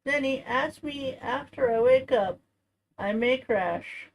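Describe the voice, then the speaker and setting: A woman streamer chatting casually and rambling softly while she plays a game. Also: sits high, lively intonation, slow, poor audio. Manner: rambling and soft-spoken, full of fillers.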